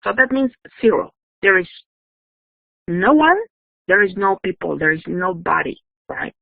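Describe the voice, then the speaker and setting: English teacher. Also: female voice, mid-range voice, animated, unhurried, gravelly, no echo. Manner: patient, repeats checks like "yes?" and "okay?". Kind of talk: online grammar lesson. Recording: dry, phone-like narrow sound.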